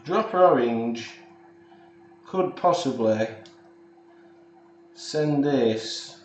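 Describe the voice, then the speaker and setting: A man's voice: mid-range voice, animated, extremely slow. A man hosting a live cooking stream, chatting to viewers in a rambling, jokey way and often repeating himself. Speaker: cooking livestream host. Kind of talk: casual live cooking chat. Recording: echoey room, voice far from the mic, faint noise.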